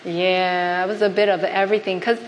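A woman's voice: on the low side, little pitch movement, a little fast. A woman preaching a sermon, often asking the congregation questions. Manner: engages the audience with frequent questions. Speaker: preacher and health missionary. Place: church hall with a congregation. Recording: reverberant hall with faint background noise.

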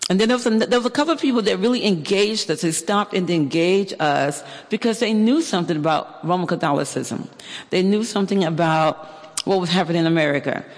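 High-voiced man telling a story in a hall. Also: a little fast. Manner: animated storytelling with fillers and restarts. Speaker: church member giving testimony. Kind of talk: personal testimony.

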